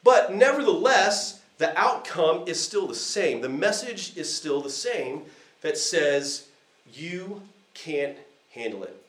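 A visiting American preacher tells a family story in a conversational sermon, full of fillers and restarts, recorded in an echoey church hall. His voice is a little high and fairly bright, swinging widely in pitch at a slow pace.

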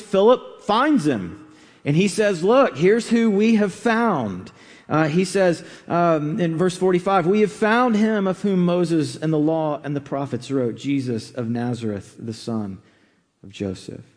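A man with a high voice preaches in an easy, conversational way, often pausing with fillers and restarting phrases. His voice carries a long reverb, as if recorded in a large hall. The delivery is unhurried and explanatory. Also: a little mellow. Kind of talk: sermon.

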